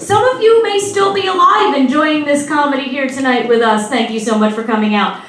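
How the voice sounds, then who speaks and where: A woman's voice: high-pitched, brisk, fairly bright tone, slight background noise. A woman doing a stand-up comedy routine on a club stage, with playful, teasing audience banter. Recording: echoey club from far, with audience. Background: audience laughter.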